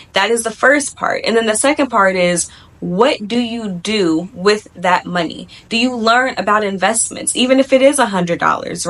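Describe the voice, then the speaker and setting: A woman at a middle pitch talks through spiritual advice as a video host. Her delivery is chatty and reassuring in tone. She keeps checking in with "right?" and "okay?". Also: a bit bright. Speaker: spiritual YouTuber. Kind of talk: casual motivational talk to camera.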